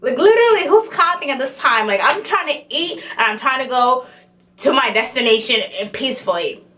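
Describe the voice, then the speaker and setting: A young woman vlogger telling a story in a casual, animated way, with lots of slang and swearing. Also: on the high side, normal speed, background noise.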